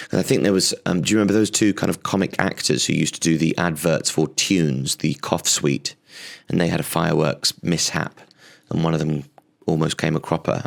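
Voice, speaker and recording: A man's voice: a bass voice, gravelly. A man hosting a comedy podcast, rambling and facetious in a solo monologue.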